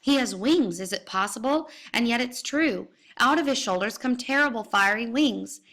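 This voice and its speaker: A woman's voice: a little high, expressive, moderate pace, fairly bright tone. A woman giving an intense, dramatic reading of a novel in the first person, rising into cries at the violent moments. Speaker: reader.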